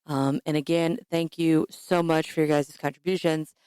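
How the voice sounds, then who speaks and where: A woman hosting a podcast who is hoarse and raspy, chatting casually and rambling with fillers. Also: low voice, flat delivery, moderate pace, a little mellow, dry recording, clean studio sound. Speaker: podcast host.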